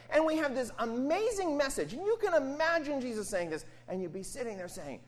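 High-voiced and brisk, this preacher barely pauses as he delivers an animated, conversational sermon. He keeps engaging the audience with a frequent "right?"

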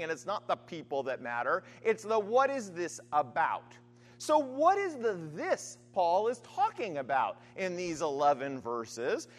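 Animated conversational preacher, wide-ranging pitch. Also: male voice, big-room sound. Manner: animated, conversational, frequent "right?" asides. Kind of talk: sermon.

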